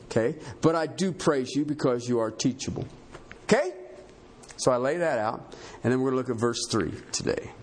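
A pastor preaching a sermon in an emphatic, animated way, often checking in with his congregation. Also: mid-range voice, moderate pace.

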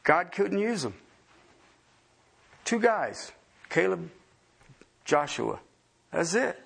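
Man, pastor, sermon, emphatic, repeats lines for stress, slightly high voice. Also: very animated, drawn-out words, vocal fry, breathy edge. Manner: swings from soft to loud, high emphasis.

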